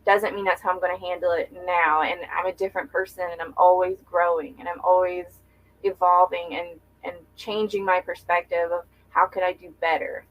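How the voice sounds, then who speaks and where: A woman's voice: on the low side, flat delivery, moderate pace, lo-fi sound. A young woman speaking as a podcast guest, reflective and earnest, talking candidly with many filler words. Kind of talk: candid conversational interview.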